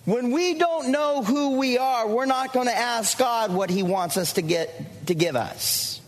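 A man's voice: very high voice, expressive, takes it slowly. A male pastor preaching a fervent sermon to his church, repeating lines and calling out to the congregation. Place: church sanctuary. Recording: long church reverb.

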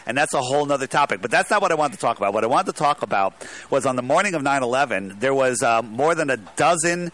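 A man's voice: medium pitch, animated, fast, a bit bright. A man calling in to a talk show, talking in a rambling, emphatic way with many restarts. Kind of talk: casual talk radio call.

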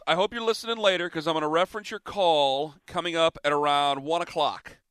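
Bright, crisp-voiced sports radio host. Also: male voice, a little high, no echo. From Ohio. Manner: lively, emphatic, talks back to callers. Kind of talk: sports talk radio with callers.

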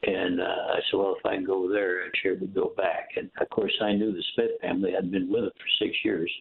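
An older man, a former football coach, telling stories in an interview in a folksy, animated way, acting out the other voices. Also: low voice, a little fast, creaky, slight background noise. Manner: folksy, animated storytelling with quoted dialogue. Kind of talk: storytelling interview. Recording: tinny phone line.

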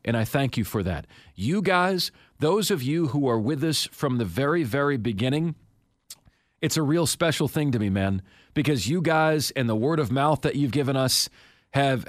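A man's voice: medium pitch, dry recording, studio quality. A man hosting a sports talk radio show, speaking with confidence and emphasis and repeating key points.

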